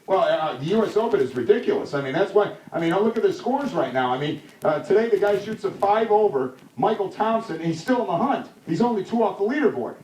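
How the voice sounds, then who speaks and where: High-voiced ranting talk show host. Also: male voice, very animated, fast talker, hardly any pauses, a little mellow, roomy sound, recorded from a distance, low-quality recording. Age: 40s. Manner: angry, insulting rants at callers. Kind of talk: call-in sports talk show.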